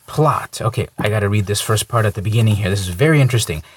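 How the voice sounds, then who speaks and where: Male comic reviewer, husky mid voice, dry close sound, easygoing delivery. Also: on the low side, quick pace, no echo. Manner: relaxed, conversational, lightly opinionated. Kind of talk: casual review commentary.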